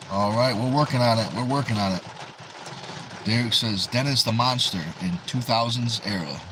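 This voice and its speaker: A man with a New England accent and a medium-pitched voice hosts a livestream, casually reading viewers' chat messages aloud and replying to them. Background noise can be heard.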